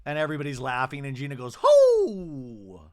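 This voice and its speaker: A man's voice: mid-range voice, expressive, normal speed, sharp tone. A man hosting a podcast, campily recapping a reality show episode with chatty asides. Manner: campy, chatty, full of asides and fillers. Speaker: podcast host.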